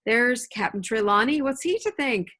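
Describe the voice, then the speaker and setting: A woman's voice: on the high side, lively intonation, normal speed, a bit bright. A woman voicing a jovial, sly, one-legged old pirate cook with hearty, folksy sailor talk, read into a computer mic.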